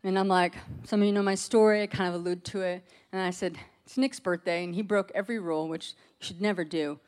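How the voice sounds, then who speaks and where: A woman's voice: fairly low pitch, steady tone, fast, darkish tone, clean tone. A middle-aged woman telling a personal story to a group, acting out what others said and laughing often. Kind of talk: animated personal testimony.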